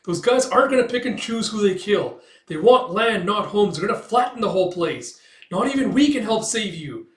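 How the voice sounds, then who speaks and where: A man's voice: fairly high pitch, moderate pace, fairly bright tone, close to an everyday voice. A man voicing an anxious young man who pleads and warns urgently. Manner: pleading, insistent. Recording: roomy echo.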